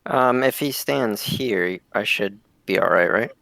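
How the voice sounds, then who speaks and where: A man's voice: on the low side, a little slow, vocal fry, bright, forceful tone, no room sound. A man playing an online tabletop game, carefully describing his character's actions in first person, with fillers. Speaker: player.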